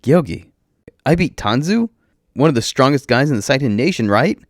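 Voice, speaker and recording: A man voicing an insecure, easily excited young man who asks questions in quick disbelief. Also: mid-range voice, no echo, studio quality, voice pushed up, lightly acted. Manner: eager, raises voice in disbelief.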